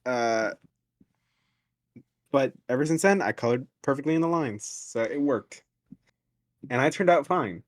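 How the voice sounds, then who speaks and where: A man's voice: mid-range voice, unhurried, pauses often, dry recording, clean studio sound. Laughing young man telling stories. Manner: animated storytelling, laughs often. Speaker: podcast co-host. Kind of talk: casual chat.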